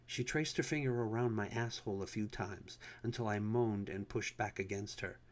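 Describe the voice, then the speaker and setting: A man reading an erotic story aloud as narrator, in a low, intimate way. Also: moderate pace.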